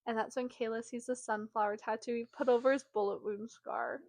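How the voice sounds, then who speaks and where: Heavy background noise surrounds a woman with a slightly high voice who talks a little fast as she co-hosts a book podcast. She retells a plot in chatty fashion, peppering it with fillers like "like," and gets animated acting out quotes.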